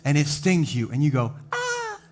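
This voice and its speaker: This high-pitched pastor entertains a live church audience with humorous stories, switching into quick voices for the people he quotes. Faint music plays in the background, and he shifts to a slow, emphatic style for the big takeaways.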